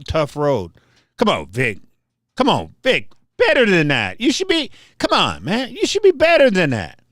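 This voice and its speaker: Animated high-voiced older man ranting. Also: no echo, studio quality. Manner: animated, trash-talking, repeats words. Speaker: livestream host. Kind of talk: casual livestream rant.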